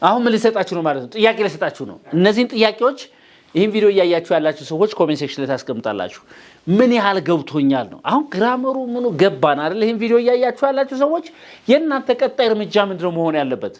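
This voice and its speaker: Fast high-voiced male teacher. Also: very animated, darkish tone. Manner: quizzing students, mixing English and Amharic. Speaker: English teacher. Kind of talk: classroom grammar lesson.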